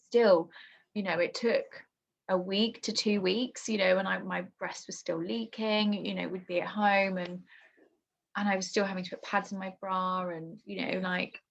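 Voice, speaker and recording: A young woman telling a painful personal story in conversation, halting and emotional with many restarts. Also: medium pitch, steady tone, creaky. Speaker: guest. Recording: dull lo-fi podcast audio.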